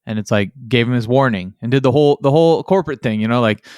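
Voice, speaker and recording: A man hosts a casual podcast chat, his voice sitting at an ordinary middle pitch. He rambles through his stories, padding them with "like" and "you know". The sound is close and dry, with no room around it. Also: fast, a little mellow, clear, resonant tone, no room sound. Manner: rambling storyteller, heavy use of "like" and "you know". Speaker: podcast host.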